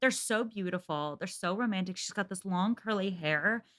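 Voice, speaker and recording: A woman's voice: mid-range voice, moderate pace, a bit bright. A woman co-hosting a podcast, telling stories in casual, chatty conversation. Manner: chatty, storytelling. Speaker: podcast co-host. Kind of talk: casual chat.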